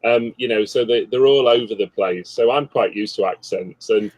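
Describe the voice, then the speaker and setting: A man's voice: on the low side, moderate pace, darkish tone, rough recording. A man chatting as a guest over a video call, effusive and chatty. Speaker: guest medium.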